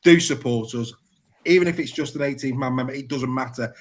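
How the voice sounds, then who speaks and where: A man's voice: medium pitch, fairly quick. A man hosting a sports podcast, wrapping up the show in a chatty, casual way and often repeating himself. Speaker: podcast host. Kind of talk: casual live show sign-off.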